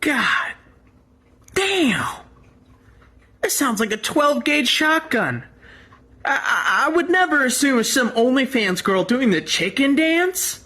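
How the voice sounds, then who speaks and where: A man giving joking, animated reactions while watching clips. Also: extremely high pitch, takes it slowly. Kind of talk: casual reaction commentary.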